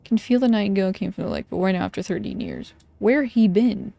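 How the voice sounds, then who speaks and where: A woman's voice: mid-range voice, quick pace, gravelly, dark tone, dry recording. A woman streamer giving casual, wry commentary as she plays, thinking aloud.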